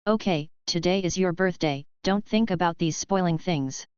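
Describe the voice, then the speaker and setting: A woman narrator voices a calm young male wizard who explains things plainly. The tone is smooth and clear, slightly low. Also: moderate pace, dry recording, natural voice. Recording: dull lo-fi audio.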